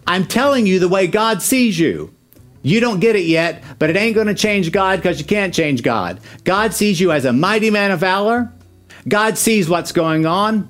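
Man, preaching, high voice, very lively pitch, acts out scripture. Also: normal speed, soft background music. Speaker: pastor. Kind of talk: sermon.

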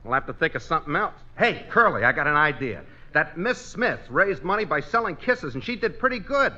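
A man's voice: on the high side, very animated, brisk, pushed and bright. A man playing a sidekick in a 1940s radio comedy, cracking dry, scheming jokes. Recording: dull old radio broadcast.

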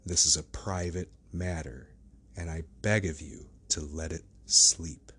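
A man reading the part of a troubled gentleman doctor who pleads earnestly and evades questions. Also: very deep voice, fairly even intonation, a little slow, husky, pitched below the performer's own voice, full character voice. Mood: evasive.

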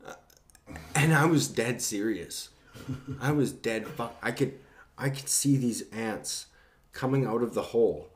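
A man's voice: medium pitch, unhurried, darkish tone. A young man telling a casual, profanity-laced anecdote in a rambling way.

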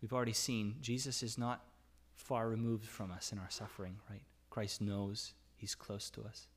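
A pastor preaches at a moderate pace, his voice showing little pitch movement. He reads psalm verses aloud, and his voice rises in pitch and loudness when he voices the anguished cries. Otherwise he keeps an easy, conversational manner and often asks "right?"

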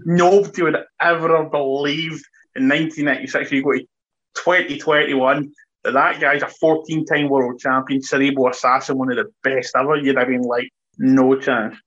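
A man's voice: a little high, little pitch movement, moderate pace, fairly bright tone, lo-fi sound. A man co-hosting a podcast, telling rambling, amused stories. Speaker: podcast co-host. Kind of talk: casual podcast chat.

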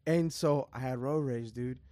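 A man's voice: mid-range voice, moderate pace. A man telling stories in a casual, profanity-laced podcast chat. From New York. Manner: animated storyteller, swears freely. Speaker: podcast co-host.

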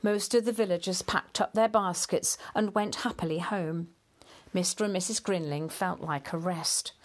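A woman reading a children's storybook aloud in a gentle, measured and expressive way. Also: on the low side.

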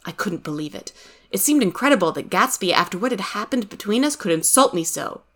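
A woman reading a story aloud in calm, reflective narration. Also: medium pitch, a little fast. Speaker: reader.

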